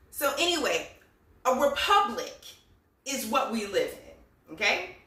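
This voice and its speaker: A woman's voice: fairly high pitch, sing-song, measured pace, pauses often, bright, forceful tone, distant mic. A woman giving casual, profane commentary, sarcastic and repeating lines for emphasis. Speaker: political commentary vlogger. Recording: echoey room, voice somewhat off mic.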